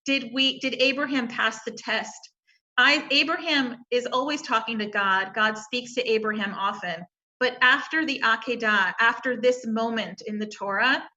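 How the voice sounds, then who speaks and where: A woman's voice: on the high side, sharp tone, highs cut off. A woman rabbi speaking on a panel, reflecting on scripture and posing open questions as she retells the story.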